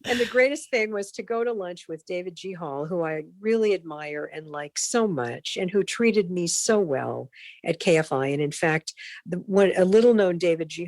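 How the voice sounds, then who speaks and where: Her voice lowish and the sound free of echo, a middle-aged woman who works as a broadcast consultant shares animated career anecdotes on a podcast. She acts out the voices of those she quotes as she tells each story.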